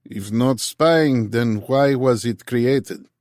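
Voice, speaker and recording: Man doing a thick Russian accent, suspicious male minister, slow pointed questions, bone-dry sound. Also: medium pitch, darkish tone, no echo, voice pushed up, close to an everyday voice. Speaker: narrator voicing character.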